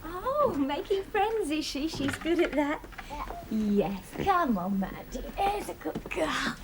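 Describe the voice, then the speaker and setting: A woman's voice: sits high, big pitch swings, slow pace, exaggerated voice. A flustered young mother. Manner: flustered, hesitant. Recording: noisy TV soundtrack.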